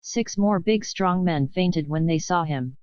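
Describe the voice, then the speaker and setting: A woman reading a children's audiobook in a steady storybook narration. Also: lowish voice, a little slow, clear, resonant tone, no room sound. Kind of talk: scripted narration. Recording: dull dry studio recording.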